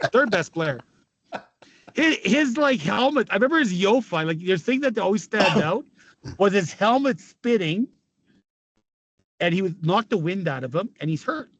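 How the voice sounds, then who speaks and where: As a podcast guest, a former pro hockey player in his fifties shares stories casually in a high-pitched, very animated voice with a Canadian accent. He keeps a moderate pace with long pauses, frequently swearing, laughing and quoting others in character. The audio is a bit bright.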